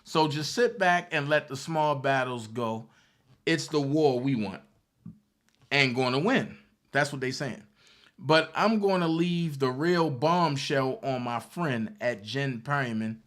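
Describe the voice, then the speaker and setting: A man's voice: medium pitch, slow, a bit bright. A man from Baltimore reading out text messages and answering them with indignant, mocking commentary, repeating his points for emphasis. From Baltimore, Maryland. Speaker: online commentator.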